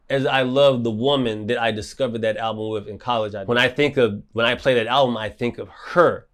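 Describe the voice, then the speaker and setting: A man's voice: mid-range voice, fairly even intonation, moderate pace. A man delivering a heated, profane monologue to camera, repeating his points for emphasis. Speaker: commentator.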